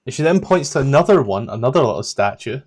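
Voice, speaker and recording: A Scottish man runs a tabletop game, his mid-range voice moving fast as he rambles casually and flips through his notes aloud. As game master, he stays relaxed while looking things up.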